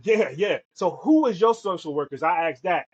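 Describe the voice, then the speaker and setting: A man's voice: high-pitched, animated, moderate pace, breathy edge. Emphatic man on dull lo-fi audio. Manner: emphatic, repeats words, says "man" often. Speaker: podcast co-host. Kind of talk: storytelling in conversation. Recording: dull lo-fi sound.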